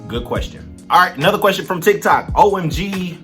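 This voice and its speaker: Give me a relaxed, chatty man answering fan questions over background music. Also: high-pitched, a little fast. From Detroit, Michigan, USA. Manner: laid-back, slangy, chatty with viewers. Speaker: musician and content creator. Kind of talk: casual Q&A vlog.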